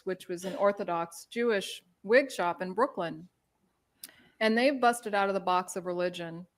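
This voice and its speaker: A woman presents a talk in an easy, conversational way, often padding her sentences with small filler phrases. Her voice sits at an ordinary middle pitch for a woman. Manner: informal, many filler phrases. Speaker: presenter on hair culture. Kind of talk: conversational lecture.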